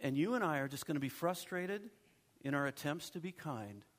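A middle-aged male pastor preaching a sermon in a conversational way, with asides and quick check-ins to the congregation. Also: a little high, lively intonation.

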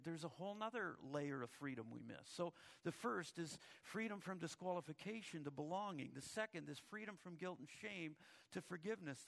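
A man's voice: fairly high pitch, vocal fry, fairly bright tone. A male pastor preaching a sermon, telling a story and often repeating words as he starts a thought.

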